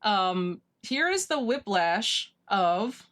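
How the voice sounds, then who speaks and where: A woman livestreaming, chatting casually with her viewers, gushing and excitable as she reads chat. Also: medium pitch, very slow. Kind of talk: casual stream chat, reading chat.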